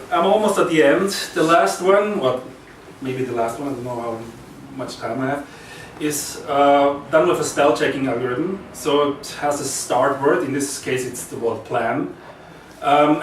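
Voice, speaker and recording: A man's voice: medium pitch, distant mic, slight background noise. A man from Austria, a native German speaker, introduces his poems to a small gallery audience in a loose, plain way full of "uh"s. The room is echoey and he stands away from the mic, with faint room ambience underneath. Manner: relaxed, plain explanations with many fillers. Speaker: poet presenting his sound poems. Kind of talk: live reading with spoken introductions.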